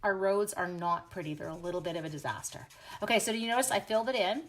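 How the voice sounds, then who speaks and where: A woman's voice: medium pitch, fast. Giggly woman chatting through a stamping demo. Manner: giggly, self-teasing, greets viewers by name as she works. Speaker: stamping demonstrator hosting a live stream. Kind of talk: chatty live crafting demo.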